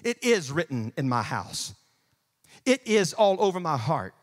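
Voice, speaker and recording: A man preaching a sermon as pastor in a church, dropping to quiet asides and rising to shouts. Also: sing-song, a little slow. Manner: swings from low murmurs to shouted preaching.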